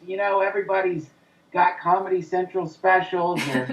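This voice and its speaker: A man's voice: sits high, fairly even intonation, moderate pace. A male comedian rants intensely and profanely in an interview, now and then acting out the nagging voice in his own head. He sits some way back from the microphone, so he sounds distant. The room echoes around him and the recording has a dull, muffled tone. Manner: acts out his inner critic's voice. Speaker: comedian guest. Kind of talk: interview conversation.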